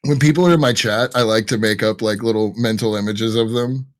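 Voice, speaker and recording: A man's voice: lowish voice, fairly even intonation, fairly quick. A man co-hosting a casual podcast, rambling and swearing freely as he riffs. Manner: rambling, profane, slips into silly voices. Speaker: podcast co-host.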